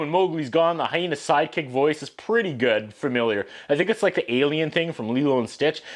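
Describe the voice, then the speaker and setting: A man hosting a video review show, giving sarcastic, wisecracking commentary. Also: on the high side. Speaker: VHS reviewer. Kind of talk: casual commentary.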